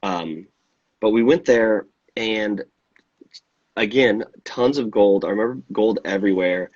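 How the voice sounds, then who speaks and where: Low husky guy rambling, lots of restarts, bit self-deprecating. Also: a little slow, darkish tone, lo-fi sound. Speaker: podcast host. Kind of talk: casual chat.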